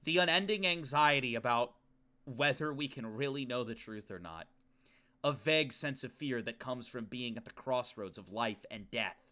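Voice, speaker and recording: A man voicing a grim, grieving teenage boy hero, reading game dialogue aloud in a quiet, solemn way. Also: medium pitch, moderate pace, natural voice.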